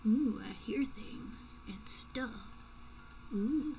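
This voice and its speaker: Young woman rambling thru a video game at night, slow drawl, jokey, whispers stuff, a bit high voiced. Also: over music, poor audio. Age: young adult. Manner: chatty and joking, with playful whispered asides. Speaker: let's play gamer. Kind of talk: casual gameplay commentary. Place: home room at night.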